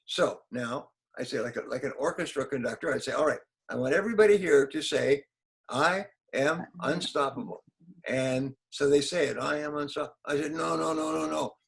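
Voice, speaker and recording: A man's voice: a little high, fairly quick, gravelly, few pauses, low-quality recording. An older man, a motivational speaker, answering interview questions in an emphatic way, repeating key phrases and acting out quotes.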